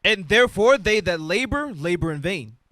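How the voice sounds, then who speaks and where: A man in a Bible class reads scripture aloud in steady, measured verses. His voice is high and bright, and the recording is dry with little room sound. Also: no room sound. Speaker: class member reading scripture.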